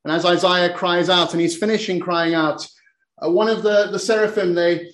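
A man's voice: sits high, fairly even intonation, moderate pace, reverberant. A man preaching a sermon, retelling a scripture story and often repeating words as he goes. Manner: repeats words while speaking, dramatic quoted lines.

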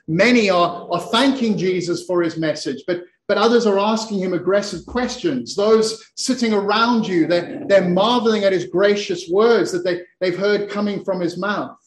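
A man with a high-sitting voice preaches a sermon, retelling a scripture scene in a roomy-sounding space. He often repeats and restarts words and slows down for emphasis.

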